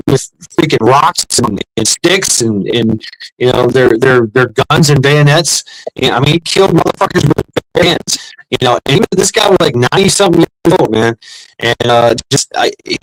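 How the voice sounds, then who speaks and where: A man's voice: mid-range voice, dry recording, low-quality recording. Man, middle-aged, casual swearing storyteller, dry close sound. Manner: profane, rambling storyteller with many restarts. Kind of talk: casual chat.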